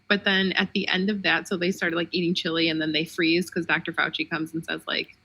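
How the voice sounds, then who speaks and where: A woman's voice: on the low side, little pitch movement, brisk, bright, forceful tone, breathy edge, rough recording. A woman co-hosting a casual pop culture podcast, easygoing and chatty. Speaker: podcast co-host.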